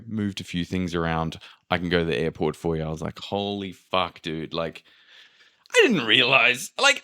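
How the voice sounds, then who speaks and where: Recorded with a clean tone, this low-voiced man hosts a podcast and spins a travel story in relaxed conversation, cursing liberally and performing the quotes with lively energy.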